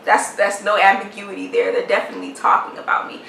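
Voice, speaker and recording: A woman vlogger telling a story to the camera in a casual, animated and exasperated way, acting out the people in it. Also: medium pitch, fast, vocal fry. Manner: animated, exasperated retelling with quoted dialogue. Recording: echoey room, mic at a distance, faint noise.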